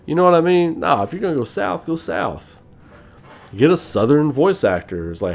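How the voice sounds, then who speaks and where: A man hosting a gaming channel, chatting casually on a live stream in an animated, profane way, laughing often. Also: fairly high pitch, moderate pace, creaky.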